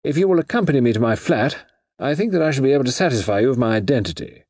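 A man voicing a breezy, unflappable young gentleman writer who speaks pleasantly and matter-of-factly, with a husky voice. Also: mid-range voice, lively intonation, rapid-fire, no room sound, pitched above the performer's own voice. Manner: pleasant, jaunty and matter-of-fact.

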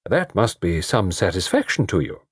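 A man voicing a mild, cautious middle-aged gentleman who speaks in measured, tactful tones. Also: deep voice, big pitch swings, breathy edge, no echo, clean studio sound, exaggerated voice.

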